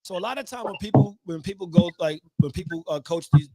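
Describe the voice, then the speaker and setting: Halting, slightly high-voiced male interviewer. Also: animated, warm tone, soft background music. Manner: halting, repeats words while asking. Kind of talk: casual interview questions.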